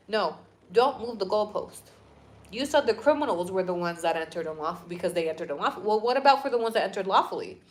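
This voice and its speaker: A young woman hosting a casual livestream, talking bluntly with lots of swearing and animated rants. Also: medium pitch, a little fast. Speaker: host of a livestream.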